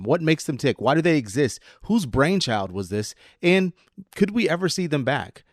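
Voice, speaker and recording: A man's voice: medium pitch, dry recording. Casual man in his thirties, dry sound. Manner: casual, slightly sardonic, drifts into a radio voice. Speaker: host. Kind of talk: scripted commentary.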